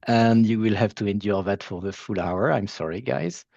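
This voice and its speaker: A man with a French accent talks through a panel conversation in a chatty, self-deprecating way, pausing and restarting as he goes. His voice comes over a dry, lo-fi video call line with little room sound. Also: on the low side, gravelly, darkish tone, no room sound. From France. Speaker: founder of a facilitation platform, panel guest.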